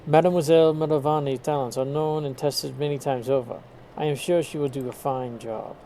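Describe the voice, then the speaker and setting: A man voicing a formal, skeptical gentleman in a put-on French accent while reading game dialogue aloud. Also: fairly high pitch, steady tone, a little fast, slight background noise, lightly acted, rough recording.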